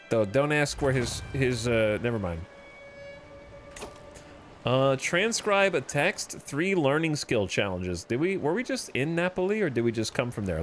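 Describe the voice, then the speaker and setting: Lively man streaming a strategy game. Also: medium pitch. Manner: reads game event text aloud with wry asides. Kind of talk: casual gameplay commentary.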